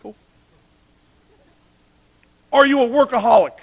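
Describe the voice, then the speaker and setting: A male pastor preaching a sermon, emphatic, swinging between loud urgent lines and hushed ones. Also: sits high, animated, normal speed, vocal fry, muffled recording.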